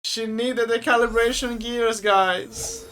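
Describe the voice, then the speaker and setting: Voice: medium pitch, steady tone, takes it slowly, a bit bright, a little hiss or hum. A streamer chatting casually while playing a game, reacting aloud as it goes. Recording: faint game music behind.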